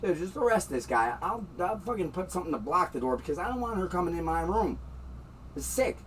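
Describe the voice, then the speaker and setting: A man's voice: sits high, very animated, fairly quick, distant mic, a little hiss or hum, low-quality recording. A man in a heated, swearing rant about his landlord, recorded in his bedroom. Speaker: tenant in a dispute. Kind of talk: angry rant to camera. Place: bedroom at home.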